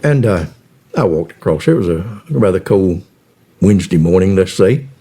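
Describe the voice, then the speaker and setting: An older man telling a personal story in a rambling way, pausing often on fillers. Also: deep voice, expressive, warm tone, husky. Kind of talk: casual storytelling.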